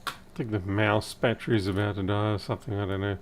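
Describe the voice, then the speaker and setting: A man thinking aloud in casual live-stream commentary as he repairs electronics, his voice a little hoarse and wavering. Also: lowish voice, little pitch movement, quick pace, slight background noise. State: slightly hoarse. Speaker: repair technician livestreaming.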